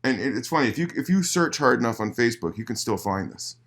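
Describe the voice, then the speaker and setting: A man's voice: mid-range voice, fast talker. A man guest in a casual interview, telling a long story with lots of swearing, restarts and laughter, recorded in a living room. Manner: profane, animated storyteller with many restarts. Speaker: musician guest.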